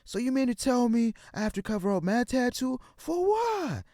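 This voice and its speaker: A high, whiny stoned baller. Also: male voice, very animated, moderate pace, mellow, no room sound, studio quality, full character voice. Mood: indignant. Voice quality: high-pitched, put-on. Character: stoned young male basketball star, indignant.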